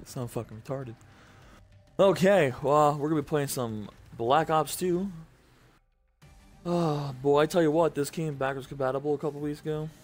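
A man's voice: a little high, moderate pace, faint music behind. A tired young man hosting casual gameplay commentary, profane and cranky, swearing constantly. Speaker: gaming channel host.

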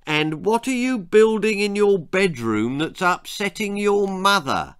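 A man's voice: high voice, animated, unhurried, fairly bright tone, clean tone, no room sound, studio quality, voice pushed up. A man voicing a mild but probing middle-aged father.

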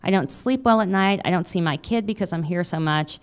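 A woman's voice: fairly low pitch, fairly quick, lightly acted. A woman reading aloud the lines of an anxious, guilt-ridden female boss near tears, in a pleading, distressed way. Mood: worried.

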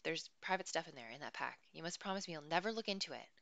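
A woman voicing a gruff, solitary woman living in the wilderness, blunt and fierce when crossed, in a read-aloud novel. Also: deep voice, animated, fast talker, a bit bright, dry recording, full character voice. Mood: subdued.

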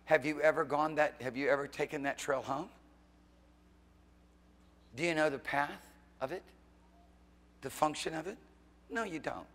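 A middle-aged man preaching as pastor in a church sanctuary, his fairly high voice ringing with a long reverb tail. He swings between loud, fiery exhortation and sudden hushed asides, pressing the congregation with teasing questions. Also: normal speed, pauses often.

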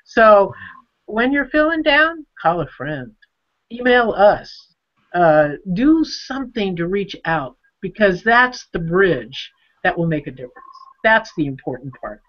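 An older woman, a nun and author, talking earnestly on a video call and reading her poetry slowly. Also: mid-range voice, big pitch swings. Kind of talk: video call book discussion. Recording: dull lo-fi video call audio.

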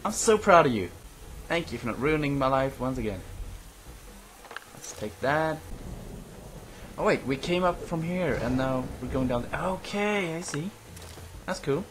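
A young man giving casual, excitable gaming commentary, teasing and swearing at his teammate, recorded on a noisy low-quality webcam mic. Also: measured pace, long pauses. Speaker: let's play host.

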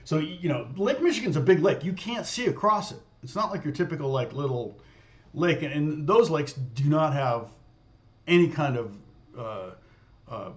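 A man's voice: on the high side, lively intonation, moderate pace. A man telling a personal story in a casual, rambling way, full of restarts and fillers. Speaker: guitar teacher.

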